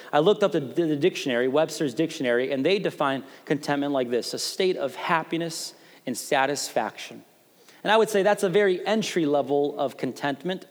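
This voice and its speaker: A male pastor in his thirties preaching a sermon, animated and playful, acting out quoted voices as he tells stories. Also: on the high side. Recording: long hall reverb.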